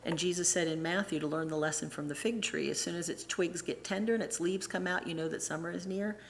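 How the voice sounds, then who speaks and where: A middle-aged woman giving a casual, animated church talk, acting out the voices of people she quotes and often restarting her sentences. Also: fairly low pitch, fast, creaky, slight background noise. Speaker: church presenter and Sunday school teacher.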